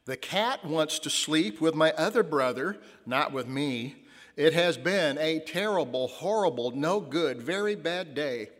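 A man reads aloud as a grumpy little boy of about seven, drawing out each complaint slowly in a fairly high voice. The sound rings with a long reverb, as in a big church. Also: expressive, a bit bright. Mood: complaining. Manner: listing complaints in a slowed, drawn-out read.

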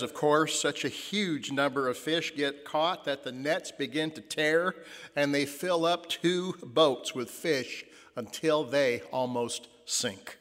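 A man's voice: on the high side, fairly bright tone. Man preaching a story-led sermon. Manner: storytelling, slows for emphasis. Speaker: pastor. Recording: long church reverb.

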